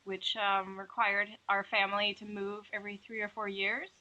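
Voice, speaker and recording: Bright-voiced young Dutch-born woman, relaxed. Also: medium pitch, normal speed. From Netherlands. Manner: relaxed, reflective, uses many fillers. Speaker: illustrator and animator guest. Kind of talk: interview conversation. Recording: dull lo-fi audio.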